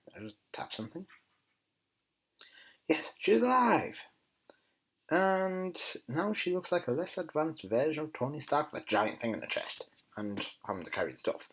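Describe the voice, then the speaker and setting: Husky, lively man chatting. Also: mid-range voice, low-quality recording. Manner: chatty and enthusiastic, with quiet muttered asides. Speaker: TV episode reviewer. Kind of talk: casual spoken review.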